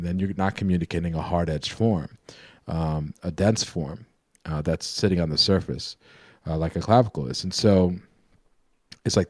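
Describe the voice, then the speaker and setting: A man's voice: low-pitched, a little mellow, no room sound, studio quality. A man co-hosting a live painting stream, explaining drawing in a rambling, self-correcting way. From New York. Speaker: co-host, painter and drawing teacher. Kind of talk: casual live-stream chat.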